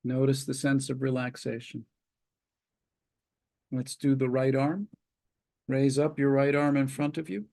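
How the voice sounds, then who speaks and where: A man, a psychologist leading a webinar, calmly guides listeners through progressive muscle relaxation with slow step-by-step cues and long pauses, speaking over a video call. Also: medium pitch, gravelly.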